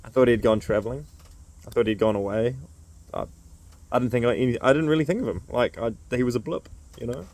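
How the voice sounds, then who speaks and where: A man's voice: medium pitch, quick pace, darkish tone. A man who runs a men's circle, telling a casual, rambling story full of fillers.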